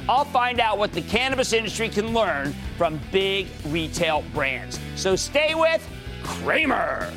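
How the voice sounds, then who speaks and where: A man with a Pennsylvania accent hosting a stock market show, emphatic and excitable, breaking into shouts of enthusiasm. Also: sits high. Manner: emphatic, shouts bursts of enthusiasm, fast and animated. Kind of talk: excitable financial commentary.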